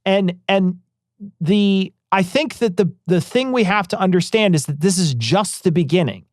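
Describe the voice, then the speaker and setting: A man's voice: high-pitched, lively intonation, darkish tone, no echo, studio quality. A man co-hosting a podcast, talking casually and profanely about politics with a rambling, mocking manner. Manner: profane, rambling, quick to mock. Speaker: podcast co-host.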